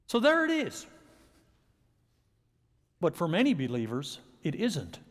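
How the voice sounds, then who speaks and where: A male pastor leads a prayer and then preaches a sermon with rising emphasis in a church sanctuary, where long reverb trails his words. His voice is fairly high, slow, with huge pitch swings.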